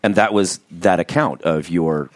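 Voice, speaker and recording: Deep-voiced easygoing male host. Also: unhurried, dry recording. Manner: easygoing, loose, self-deprecating. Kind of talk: conversational interview.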